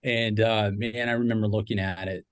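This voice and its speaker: A man's voice: on the low side, little pitch movement, normal speed, clear, resonant tone. A middle-aged man telling a personal business story casually, rambling with fillers and restarts. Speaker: podcast guest, business owner.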